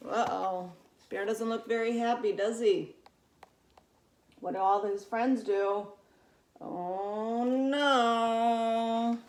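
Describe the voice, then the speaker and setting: A woman teacher reading a picture book aloud to young children, expressive and asking them questions along the way. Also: on the high side, very slow, long pauses. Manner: lively, expressive, asks listeners questions.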